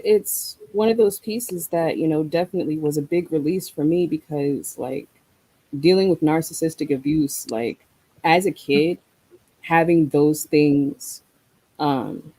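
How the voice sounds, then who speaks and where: A guest poet with a mid-range, mellow voice performs spoken-word verse with deliberate, rhythmic delivery. Between pieces the voice turns to easygoing reflective conversation in the same warm tone. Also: medium pitch, rough recording.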